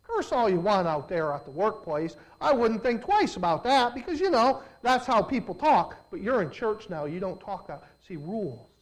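A pastor delivering a sermon in a mid-range voice, neither high nor low. The delivery swings between hushed, slow reflective passages and loud, climbing emphasis. Quoted people are acted out in lowered voices. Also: sing-song, low-quality recording. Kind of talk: preaching a sermon.

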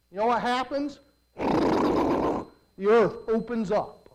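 A preacher giving a sermon, telling the story in an animated way full of rhetorical questions. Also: medium pitch, slow pace, pauses often, poor audio.

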